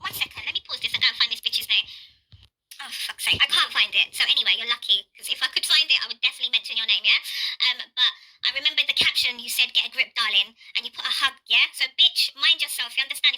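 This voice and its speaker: Fast, sharp-voiced woman ranting. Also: high voice, poor audio. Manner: confrontational, profane, rapid-fire ranting. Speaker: vlogger. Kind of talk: direct-to-camera ranting vlog.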